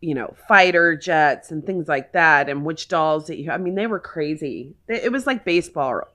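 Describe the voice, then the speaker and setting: A woman in her forties from Oklahoma talks straight to her own vlog camera in easy, rambling sentences. Her voice sits a little on the low side, and she gushes with feeling, piling one thought onto the next. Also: expressive, normal speed, a bit bright. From Oklahoma, USA. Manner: gushing, emotional, rambling. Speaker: vlogger. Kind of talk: casual vlog chat.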